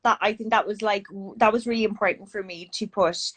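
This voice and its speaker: A woman's voice: medium pitch, fairly even intonation, a little fast, fairly bright tone. A woman with an Irish accent interviewing a guest in casual chat over a video call, talking with lots of fillers. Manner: chatty, many fillers.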